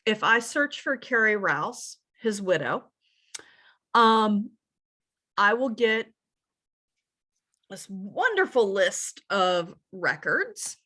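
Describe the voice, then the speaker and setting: A woman's voice: mid-range voice, very animated, drawn-out words, pauses often, sharp tone. A woman from Virginia's Shenandoah Valley giving a casual genealogy lesson, chatty and hesitant, spelling out names letter by letter. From central Shenandoah Valley, Virginia. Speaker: genealogy instructor.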